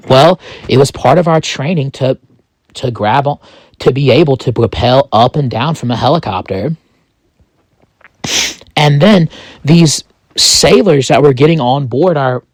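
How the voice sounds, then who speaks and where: A man tells a grim first-person tale slowly and haltingly, stopping often to restart his sentences. His voice sits in a middle register and sounds close and dry, with no room around it. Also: medium pitch, a little mellow, dry recording. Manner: halting, with many restarts and pauses. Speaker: storyteller. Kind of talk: first-person narration of a fictional story.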